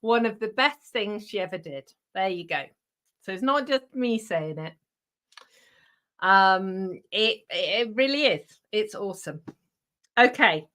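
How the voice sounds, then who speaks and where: A woman's voice: mid-range voice, expressive, slow pace, fairly bright tone. A middle-aged woman hosting a casual live craft chat with viewers, chatty and laughing, with many ums and restarts. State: out of breath. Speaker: craft show host.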